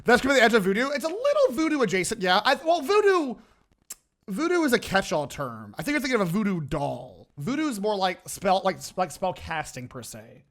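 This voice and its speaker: A male streamer reacting live with his chat, excitable, stumbling over his words and restarting often. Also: sits high, fairly quick.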